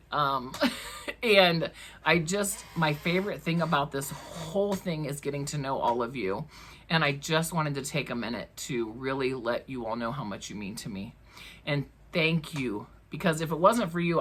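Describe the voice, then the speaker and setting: A woman's voice: low-pitched, a bit bright, breathy edge. A woman hosting her own craft channel, talking casually to camera from her crafting room at home, chatty and emotional, laughing often.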